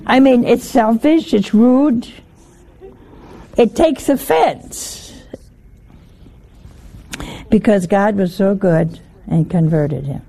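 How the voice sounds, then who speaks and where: A woman's voice: mid-range voice, slow pace, pauses often, warm tone. An older woman giving a folksy sermon, often putting rhetorical questions to her listeners. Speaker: religious teacher.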